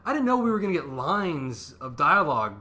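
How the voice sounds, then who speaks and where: A young man co-hosting a casual movie review podcast, excited and laughing, swearing freely. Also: on the high side, brisk. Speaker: podcast co-host.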